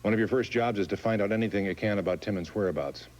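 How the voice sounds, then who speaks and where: An actor playing a brisk, businesslike senior official in a soap opera. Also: male voice, on the low side, darkish tone, lightly acted, rough recording.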